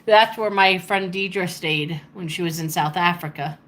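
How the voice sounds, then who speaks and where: This woman's voice runs on the low side, unhurried and a bit bright. Streaming live from her home on a handheld phone, she chats casually and mutters to herself while searching a map.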